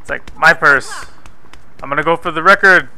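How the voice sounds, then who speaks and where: A man's voice: a little high, moderate pace, bright, forceful tone, poor audio. A young man giving playful, profane commentary over his gameplay footage, mocking and teasing the characters on screen. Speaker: gameplay video host. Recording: background noise under the voice.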